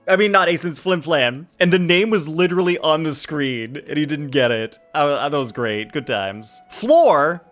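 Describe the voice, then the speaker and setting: A man's voice: fairly high pitch, moderate pace, hardly any pauses, a bit bright, soft background music. A man streaming a game, chatting and joking playfully with his viewers. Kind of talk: casual livestream chat.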